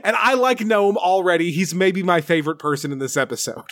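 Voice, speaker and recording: A man's voice: high voice, fairly quick, fairly bright tone, no echo. A man co-hosting a podcast, giving a casual, sarcastic, profane recap of a TV episode and laughing often. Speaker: podcast co-host.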